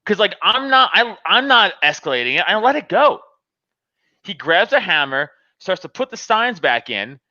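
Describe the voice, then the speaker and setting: Lively high-voiced man telling a wild story. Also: normal speed, no room sound, muffled recording. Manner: animated, laughs often, acts out both sides of the argument. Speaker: podcast host telling a story. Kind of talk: casual storytelling with frequent laughter and swearing.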